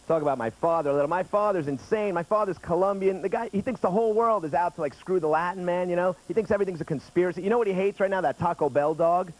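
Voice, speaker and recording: A man's voice: high voice, quick pace, few pauses, a crowd in the background. A man in his thirties performing a stand-up routine on a late-night TV stage, chatty and acting out other people's lines. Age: 30s. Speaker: stand-up comedian. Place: TV studio stage with audience. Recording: noisy 1990s TV broadcast audio.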